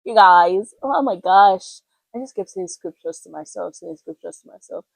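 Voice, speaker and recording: Animated young woman. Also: mid-range voice, gravelly, slightly rough, dry recording, rough recording. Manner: animated, expressive storytelling with dramatic pauses. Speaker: vlogger. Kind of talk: casual storytelling to camera.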